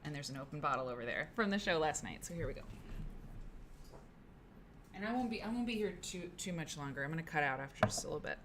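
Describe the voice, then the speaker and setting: A woman's voice: sits low, lively intonation, fast talker, long pauses, fairly bright tone, a little hiss or hum. A woman hosting a casual co-working live stream from her office, rambling and chatting with viewers by name. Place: her office, late at work.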